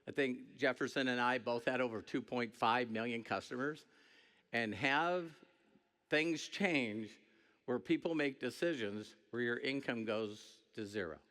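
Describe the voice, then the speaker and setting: A middle-aged man giving a motivational stage speech, animated and joking, breaking into shouts. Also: mid-range voice, unhurried. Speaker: network marketing speaker. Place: stage before a large audience.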